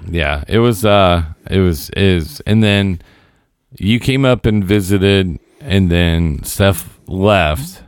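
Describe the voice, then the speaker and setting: A man in his forties in casual chat, talking haltingly and trailing off and restarting. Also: sits low, clear, resonant tone, dry recording, studio quality. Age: 40s. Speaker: friend, recent hospital patient.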